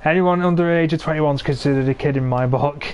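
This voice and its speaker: A man's voice: on the high side, fast talker, a little mellow, clean tone. Grumbling English man in his twenties. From England. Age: 20s. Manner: grumbling, sarcastic about teammates. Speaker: game streamer. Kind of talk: live gameplay commentary. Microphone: cheap gaming mic.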